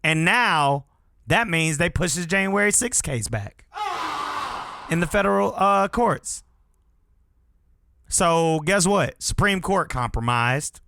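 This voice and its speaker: A man's voice: on the high side, animated, slow, creaky, pauses often, bright, forceful tone, dry recording, studio quality. A man hosting a podcast, talking in a blunt, profane and emphatic way in a casual solo rant. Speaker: podcast host.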